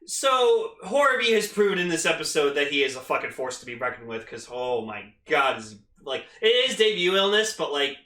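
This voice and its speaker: Brief: excitable rambling male podcast co-host, slightly high, bright, in an echoey room. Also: fairly quick, few pauses. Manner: excitable, rambling with many fillers and swearing. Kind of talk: casual chat.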